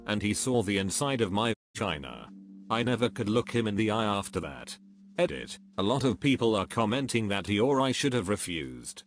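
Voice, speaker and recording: A man narrating a series of reader-submitted stories in a steady, even, scripted reading. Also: lowish voice. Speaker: narrator reading online posts. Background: faint background music.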